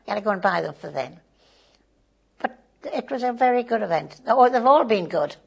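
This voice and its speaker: An older woman talks about her neighbourhood. Her voice is creaky and husky, and she rambles in an easy, chatty way, tagging on little phrases like "it is" at the ends of her sentences. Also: medium pitch, expressive, moderate pace, a little mellow. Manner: chatty, with fillers and tag phrases like "it is". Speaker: community volunteer and board member. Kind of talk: interview, casual recollection.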